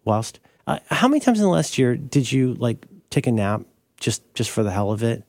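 A man's voice: moderate pace, no echo, studio quality. Rambling, self-correcting male podcast host. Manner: rambling, self-correcting, animated pitch jumps. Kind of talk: casual chat.

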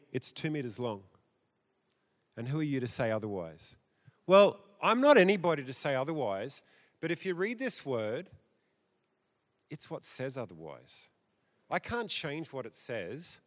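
A man preaching a sermon in a church, theatrical and animated, his loudness rising and dropping. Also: on the high side. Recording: echoey church hall.

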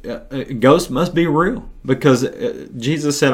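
A man hosting a Bible-teaching podcast, telling the story in an earnest, animated way. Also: medium pitch, measured pace, few pauses.

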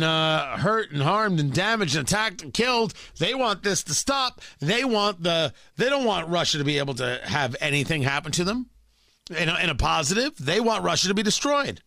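Male talk host, sarcastic and emphatic opinion delivery, bright, forceful tone. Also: sits high, vocal fry, dry recording, clean studio sound. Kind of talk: opinionated political talk commentary.

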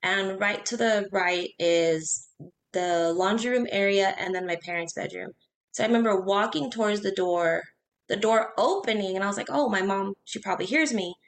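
A woman with a mid-range voice casually shares her own ghost stories in a chat. She's animated, talks in quick bursts, and acts out how she reacted.

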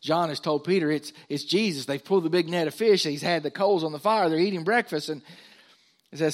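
A man preaching a sermon as pastor, lifting his voice when he reads scripture and dropping low and quiet for asides. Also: quick pace.

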